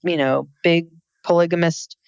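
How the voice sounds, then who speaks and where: A woman's voice: on the low side, fairly even intonation, a little slow, vocal fry, smooth, no echo, lo-fi sound. A woman co-hosting a podcast in casual chat, giving wry, skeptical commentary. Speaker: podcast co-host. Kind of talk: casual chat recapping a reality show.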